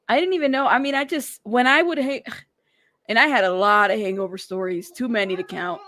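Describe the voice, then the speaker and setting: A woman's voice: medium pitch, expressive, moderate pace, a bit bright, no echo, clean studio sound. A woman hosting a casual live stream, talking in a sassy, teasing way and laughing often. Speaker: live-stream news host.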